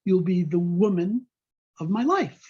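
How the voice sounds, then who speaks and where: A man's voice: sits high, expressive, a little slow, dark tone, breathy edge. A man teaching a text-study class, reading Hebrew phrases aloud and then translating each one into plain English. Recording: dull lo-fi recording.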